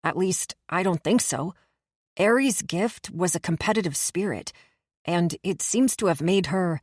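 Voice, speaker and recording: A woman's voice: on the low side, a little slow, a little mellow, slightly rough, no room sound, studio quality. A woman voicing a blunt, protective young man who speaks sharply. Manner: blunt, snappish.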